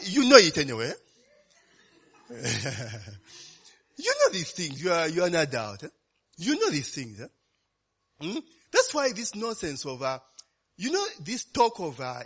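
A man preaching in a conversational, animated way, often tagging lines with "eh?". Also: a little high, a little slow, long pauses, slightly rough. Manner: conversational, keeps asking "eh?" and "you know". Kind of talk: sermon.

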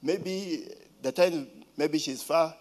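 A man's voice: fairly high pitch, takes it slowly, a little mellow. A man with a Ugandan accent telling a casual story, asking rhetorical questions and now and then mimicking a child's voice.

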